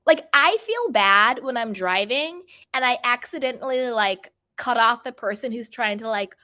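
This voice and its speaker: A woman's voice: a little high, animated, moderate pace, sharp tone. A young adult woman hosting casual reality TV gossip commentary, chatty and emphatic, often repeating phrases for emphasis. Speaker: pop culture commentator.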